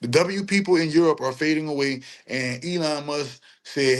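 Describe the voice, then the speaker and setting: A man hosting a livestream, with casual, slangy commentary that he drags out and laughs through. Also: a little high. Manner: slangy, laughing, drawn-out mocking repetition. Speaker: livestream host.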